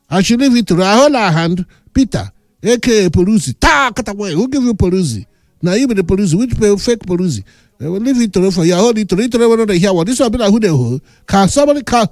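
A man's voice: high-pitched, no room sound, studio quality. A middle-aged man with a Nigerian accent, hosting a casual radio show, reading out listener messages with teasing asides. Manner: teasing, animated, mixes in Pidgin. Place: radio studio.

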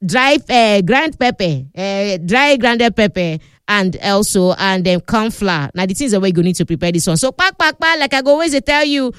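A woman's voice: mid-range voice, expressive, normal speed, few pauses, a bit bright, smooth, dry recording. A woman with a Nigerian accent hosting a studio cooking show, walking viewers through a recipe in a chatty, teasing way. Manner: chatty, teasing, fond of sound words. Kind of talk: lively cooking demonstration in pidgin.

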